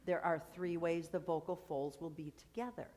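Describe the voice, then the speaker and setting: A woman's voice: fairly low pitch, steady tone, moderate pace, dark tone. A woman coaching a choir through vocal technique, explaining and encouraging as she demonstrates. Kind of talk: rehearsal vocal instruction.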